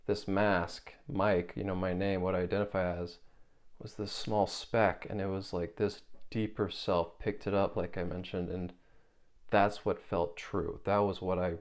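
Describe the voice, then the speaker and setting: A young man earnestly telling a personal spiritual story, halting and repeating words as he searches for how to describe it. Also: low voice, a little mellow. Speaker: spiritual video creator.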